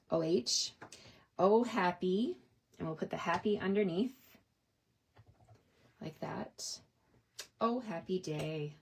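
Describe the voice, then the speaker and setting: A middle-aged woman demonstrates card-making in a casual, chatty tutorial, talking through her stamping steps at a desk and often asking "right?". Her voice is fairly low and a little mellow, with a little hiss or hum on the recording.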